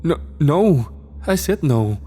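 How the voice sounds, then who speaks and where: A man's voice: medium pitch, animated, normal speed, a little mellow, faint music behind, pitched above the performer's own voice, natural voice. A man voicing a nervous teenage girl who hesitates and stumbles over her words, in a spoken horror story. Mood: evasive.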